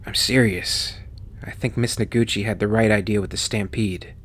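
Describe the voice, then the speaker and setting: A man's voice: on the low side, fairly even intonation, normal speed, fairly bright tone. A man reading an audiobook voices a weakened, coughing male pilot who speaks in a strained, breathless way. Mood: weak earnest.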